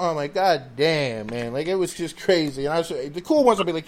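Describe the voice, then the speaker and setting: A man's voice: a little high, a little fast. Profane rambling man. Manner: profane, rambling, animated storytelling. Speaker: podcast host. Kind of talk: casual chat.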